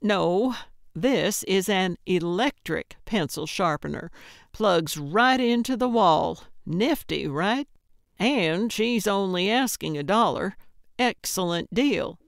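A woman's voice: medium pitch, expressive, slow pace, gravelly, no echo, studio quality. A woman playing a perky old lady sleuth. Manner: perky, cheeky. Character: chipper older woman amateur sleuth.

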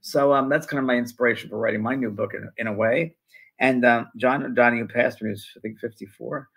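Gravelly, husky older man, rambling storyteller. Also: mid-range voice, steady tone, a little fast, fairly bright tone, rough recording. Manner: rambling, with many fillers and restarts. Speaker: co-host, spiritual medium. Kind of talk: casual conversational storytelling.

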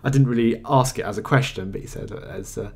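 With a medium-pitched, slightly breathy voice, a man narrates a screencast software review from his desktop computer mic. As a tech reviewer, he speaks conversationally and matter-of-factly, with small hesitant pauses now and then.

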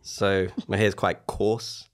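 A man's voice: lowish voice, little pitch movement, takes it slowly. A man guesting on a podcast, telling stories in a laid-back way and swearing casually. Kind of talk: casual chat.

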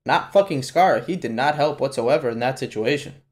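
A man hosting a live anime reaction, talking casually and profanely, with sudden loud exclamations at what he sees. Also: mid-range voice, moderate pace. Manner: casual slangy talk to the viewer. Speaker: reaction channel host.

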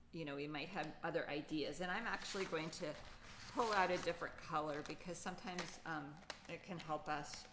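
A woman's voice: sits low, noisy background. A woman teaching a children's poetry lesson, patiently thinking aloud with many fillers. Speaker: writing teacher.

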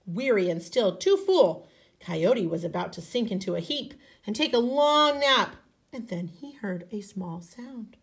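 A woman teacher reading a folk tale aloud, expressive, with casual asides. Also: mid-range voice, unhurried. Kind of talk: storybook read-aloud.

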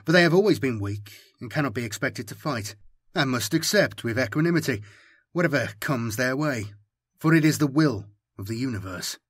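Husky-voiced male audiobook narrator. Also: medium pitch, expressive, moderate pace, dry recording, studio quality.

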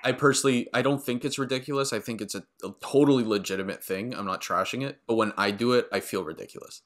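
A man hosting a casual interview, easygoing, with halting restarts. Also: mid-range voice, slight background noise. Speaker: podcast host.

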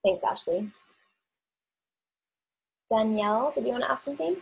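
A woman's voice: a little high, lively intonation, normal speed, vocal fry, slightly rough, poor audio. A woman hosting a team call, giving a casual, encouraging pep talk full of fillers.

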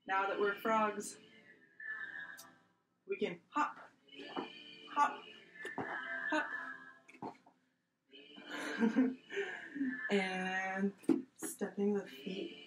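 A young woman teaching a gentle, playful yoga class to preschool children, coaxing them along as she guides each pose. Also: medium pitch. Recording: echoey room with faint music.

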